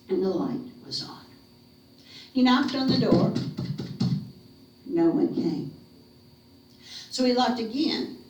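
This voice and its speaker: Slow, dramatic woman folk storyteller from North Carolina, hushes for suspense; heavy echo, distant camera mic. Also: mid-range voice. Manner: dramatic, slows and drops to a whisper for suspense. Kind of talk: theatrical ghost-story telling. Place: living room of a retirement community. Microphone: room camera mic at a distance. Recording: echoey room, mic far off.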